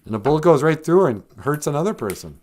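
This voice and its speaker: Joking man with a lively pitch. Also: fast. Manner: joking, laughs often, slips into silly voices. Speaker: podcast host. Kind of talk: comedic livestream podcast chat.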